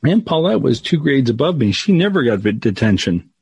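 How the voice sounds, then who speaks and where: A middle-aged man telling a personal story in a casual, animated way, his voice rising for the punchlines. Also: mid-range voice, a little fast, vocal fry, husky, no room sound.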